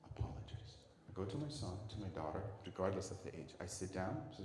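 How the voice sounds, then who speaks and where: A man giving a talk on parenting to an audience. He is lively, asks the room questions and acts out the voices of parents and children. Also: low-pitched, fast. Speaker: lecturer at a community centre. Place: community centre hall. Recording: echoey hall.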